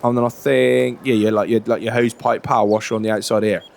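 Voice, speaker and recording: A man, chatting in a relaxed, rambling way during a farming game roleplay. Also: mid-range voice, quick pace, creaky. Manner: relaxed, chatty, many fillers and restarts. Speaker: roleplay creator.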